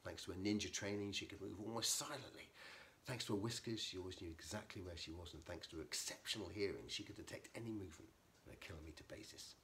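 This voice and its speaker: A man reading a children's storybook aloud as the narrator, lively and expressive. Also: low-pitched, quick pace, slight background noise. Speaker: narrator, author.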